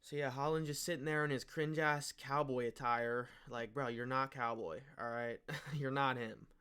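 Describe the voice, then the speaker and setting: A man's voice: medium pitch, fairly even intonation, normal speed, sharp tone, smooth. A young man giving casual, mocking commentary on fighters, full of slang and swearing. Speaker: MMA commentary YouTuber.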